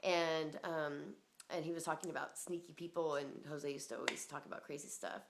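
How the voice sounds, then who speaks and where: A woman's voice: deep voice, steady tone, fairly quick, very noisy. A woman telling a personal story in a rambling, casual way, full of fillers, swearing and laughter.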